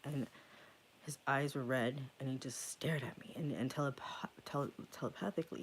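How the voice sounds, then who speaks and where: A man's voice: mid-range voice, normal speed, slight background noise. Profane man rambling through a story. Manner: profane, rambling, often drops to a hushed whisper. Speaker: occult channel host. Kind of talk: casual vlog storytelling.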